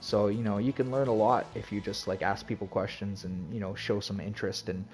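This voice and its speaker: A man's voice: fairly low pitch, steady tone, brisk, a little mellow, faint music behind. A man streaming and chatting casually to viewers, telling a rambling story with restarts and laughs. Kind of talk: casual chat.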